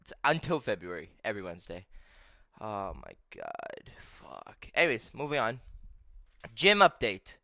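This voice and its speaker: A young man telling stories on his vlog in a casual, profane, animated rant. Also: lowish voice, no echo. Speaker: vlogger.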